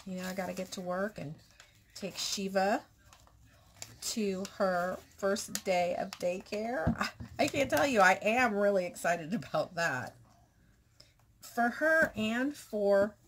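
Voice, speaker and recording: A woman talking in a casual personal vlog, nervous and candid, halting with restarts and pauses, sometimes dropping into a soft whisper. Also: medium pitch, creaky, a little hiss or hum. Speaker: vlogger.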